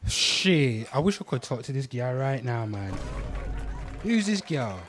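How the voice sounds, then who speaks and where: A man hosting a livestream, reacting to clips in an animated, mock-dramatic way and calling out to viewers. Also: medium pitch, a little slow, some chatter behind. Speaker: livestream host. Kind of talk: live reaction commentary.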